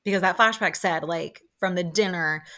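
A young woman hosting a podcast, chatting excitedly about a show with lots of fillers and quick quoted reactions. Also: lowish voice. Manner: chatty, excitable, lots of "like" fillers, quoting people in lively bursts. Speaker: podcast host. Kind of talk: casual solo recap chat.

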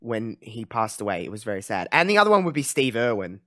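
A man's voice: lowish voice, very animated, fast talker, fairly bright tone. A man in his twenties with an Australian accent, co-hosting a casual chat over a video call and hesitating with plenty of fillers. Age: 20s. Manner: hesitant, rambling, filler-heavy. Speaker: podcast co-host.

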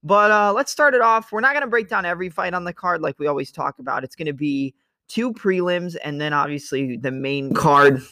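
A man's voice: a little high, fairly quick, sharp tone, dry recording, studio quality. A man hosting a casual fight-analysis show, talking loosely and analytically and sometimes imitating strikes with sound effects. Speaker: MMA analysis host. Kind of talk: casual fight breakdown monologue.

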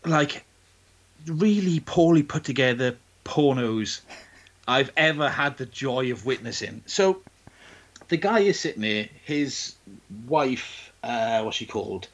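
A man in casual chat, retelling a film in a crude, sweary and animated way and acting out its lines. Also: mid-range voice, takes it slowly.

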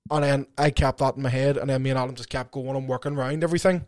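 A man's voice: medium pitch, rapid-fire, no room sound. Rambling man co-hosting. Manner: rambling, animated, swears casually. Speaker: podcast co-host. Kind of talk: casual chat. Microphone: podcast mic.

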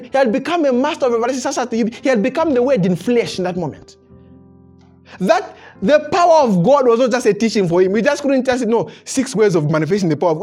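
A man preaching a sermon to a congregation. He chuckles often and restarts his phrases as he builds his point. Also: very high-pitched. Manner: animated preaching with frequent chuckles and repeated words. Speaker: pastor. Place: church service before a congregation.

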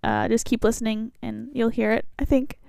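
A woman's voice: on the high side, steady tone, moderate pace, vocal fry, a little mellow, dry recording, studio quality. A woman co-hosting a casual podcast from a bedroom, with a slight Southern accent. She talks playfully, laughs often and draws out her s sounds. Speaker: podcast co-host. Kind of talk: casual chat. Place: bedroom, close to the mic.

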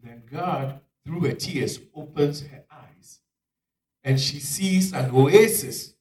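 A male preacher giving a dramatic sermon, swinging from loud exclamations down to near-whispers. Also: fairly high pitch, lively intonation, slow pace. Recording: echoey room, picked up from far off.

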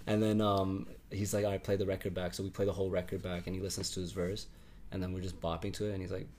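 A man from Canada, a music artist, telling a studio story in a relaxed way, with lots of fillers and casual swearing. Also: low-pitched, fast, slight background noise. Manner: laid-back, lots of filler words and laughs, casual swearing. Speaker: interview guest, music artist.

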